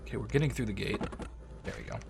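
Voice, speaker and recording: A man's voice: on the low side, quick pace, creaky, noisy background. A man giving casual, chatty commentary while he plays a strategy game, often talking to the units on screen. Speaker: gameplay commentator. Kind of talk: casual let's-play commentary. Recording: faint music behind the voice. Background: faint game music.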